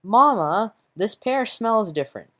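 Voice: animated, measured pace, bright, forceful tone. A reader voicing a chubby human boy who is fussy about his food, in a raised voice for a comic read aloud. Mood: surprised. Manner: puts on a higher voice for the boy.

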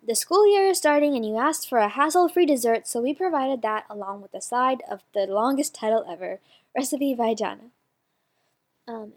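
A woman's voice: high-pitched, darkish tone. A woman presenting a magazine, reading submissions and a recipe aloud in a casual way, with fillers and self-corrections.

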